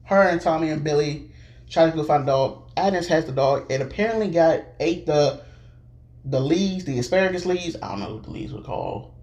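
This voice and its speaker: A man giving an excited, rambling and scattered casual recap, talking loosely and jumping around. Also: on the high side, moderate pace. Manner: loose, filler-heavy talk with restarts. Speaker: show recap vlogger.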